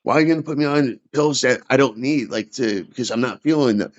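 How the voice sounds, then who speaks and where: A man venting about his care as a veteran, agitated and halting, restarting and swearing often. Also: mid-range voice. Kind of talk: casual emotional chat. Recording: dull lo-fi sound.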